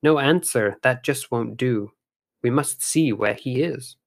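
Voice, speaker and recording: A man voicing a grim, gruff ghost warrior in a storybook tale, grumbling and muttering. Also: medium pitch, measured pace.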